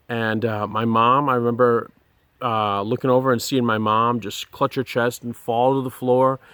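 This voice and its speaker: A man sharing a personal testimony, speaking earnestly and haltingly with many pauses and restarts. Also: medium pitch, fairly bright tone, no room sound.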